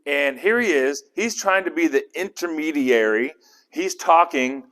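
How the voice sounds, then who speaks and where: A man leading a casual Bible study, animated and conversational, often asking the group questions. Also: a little high, measured pace.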